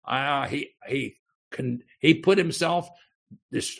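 A male preacher delivers a sermon, reading scripture passages and explaining them with animated emphasis. His voice carries a gravelly, creaky edge at a middle pitch. He often stumbles, restarting and repeating words as he talks. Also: slow.

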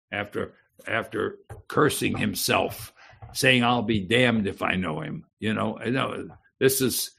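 Gravelly male preacher reading scripture. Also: fairly low pitch. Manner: animated, repeats and restarts words, reads scripture aloud. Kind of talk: sermon.

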